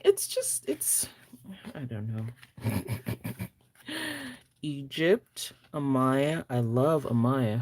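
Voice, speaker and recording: A woman with a Nigerian accent chatting casually on a live stream, excitable, gasping and teasing her viewers playfully. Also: extremely low pitch. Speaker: planner vlogger.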